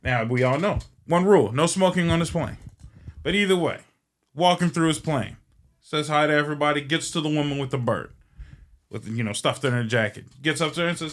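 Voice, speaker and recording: Male podcast host, bright voice, rambling and profane joke-teller. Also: on the high side, brisk. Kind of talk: casual storytelling.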